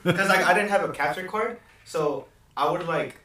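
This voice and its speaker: Young male podcast co-host, animated, profane storyteller; slightly high voice, boomy echo. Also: normal speed. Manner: swears a lot, animated storytelling. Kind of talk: casual chat. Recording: echoey room, mic far off.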